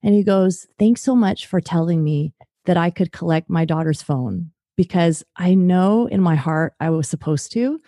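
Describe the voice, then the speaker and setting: A woman guest on a parenting podcast, speaking earnestly and now and then slipping into quoted dialogue as a parent. Her voice sits a bit low and sounds warm and mellow, recorded dry and close with no room sound. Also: normal speed, no room sound. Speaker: guest author. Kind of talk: podcast interview.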